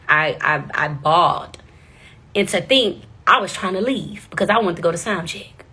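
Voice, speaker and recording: A woman in her twenties from Houston, telling a story in an animated, profane, slangy way. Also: lowish voice, a little slow, breathy edge. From Houston, Texas. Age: 20s. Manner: lively, profane, playful slang. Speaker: vlogger.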